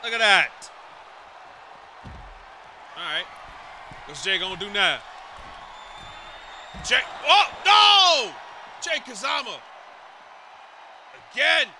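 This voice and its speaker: A man calling a wrestling match as commentator, with excited play-by-play that keeps breaking into shouts, exclamations and swearing. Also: extremely high pitch, extremely slow, pauses often, crowd noise, background noise.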